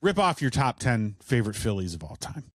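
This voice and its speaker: A man's voice: medium pitch, very animated, a little fast, no room sound, studio quality. A man co-hosting a casual chat, ranting with heavy swearing. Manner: profane, ranting. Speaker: podcast co-host.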